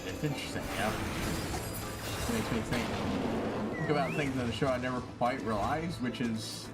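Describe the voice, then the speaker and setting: A man's voice: mid-range voice, moderate pace, over loud music. A man streaming a game, rambling casually with lots of fillers. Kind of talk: casual gameplay commentary.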